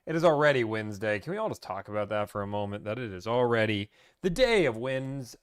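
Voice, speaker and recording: Man, livestream host, casual chat with viewers, hyped, playful, lively pitch, smooth clear voice. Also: fast, no echo, clean studio sound. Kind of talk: casual live-stream chat.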